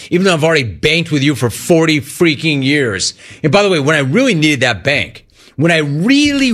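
Hosting a sports call-in radio show, a middle-aged man rants energetically and animatedly, using a high voice to mock cheerful greetings.

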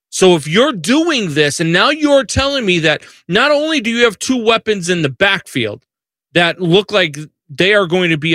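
A man in his thirties or forties co-hosting casual sports talk, excitable and quick to repeat and restart his phrases. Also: high voice, no room sound, clean studio sound.

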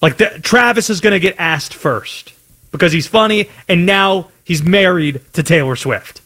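A man hosting a sports talk radio show, taking calls and tossing out quick opinions with lively asides. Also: high voice.

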